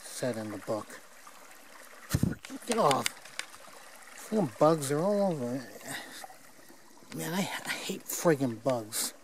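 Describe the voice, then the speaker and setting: A rambling older man narrates his hike into a handheld camera on a forest trail, self-mocking and quick to chuckle. His voice sits at a middle pitch, with faint outdoor noise behind him. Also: big pitch swings. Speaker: hiker filming his hike. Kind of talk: casual hiking vlog. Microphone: handheld camera mic.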